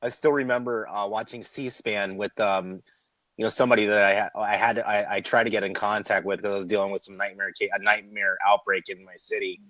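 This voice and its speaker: A man's voice: lowish voice, fairly quick, no room sound. A man co-hosting a casual talk show, telling a story animatedly, swearing and laughing as he goes. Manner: profane, animated, laughs through his story. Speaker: podcast co-host. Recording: dry, dull lo-fi audio.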